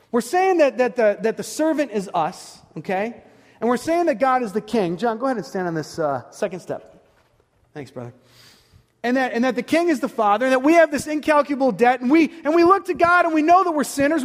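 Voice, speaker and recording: High-voiced preaching man in echoing hall. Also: lively intonation, brisk. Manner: passionate, repetitive, often rising to shouts. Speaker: pastor. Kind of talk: sermon. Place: church sanctuary. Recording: long reverb of a large hall.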